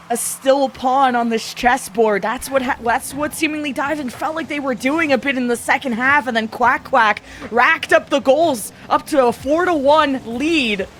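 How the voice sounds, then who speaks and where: A woman's voice: high-pitched, a bit bright, slight background noise. A woman giving color commentary on a live esports match, breaking down plays analytically and laughing easily. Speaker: esports caster.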